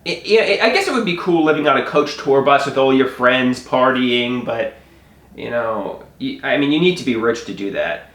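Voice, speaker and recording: A man telling a personal story to the camera in an animated way, often stammering and restarting his sentences. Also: medium pitch, moderate pace, reverberant.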